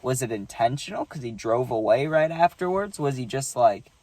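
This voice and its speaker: A man's voice: mid-range voice, expressive, moderate pace, darkish tone. A man telling a personal story in a casual monologue, rambling, swearing freely and tagging his sentences with "like" and "right?".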